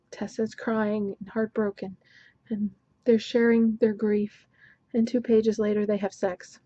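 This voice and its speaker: A woman's voice: mid-range voice, dark tone, no echo, muffled recording. A woman giving a casual book review, exasperated and sarcastic as she rants. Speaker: book vlogger.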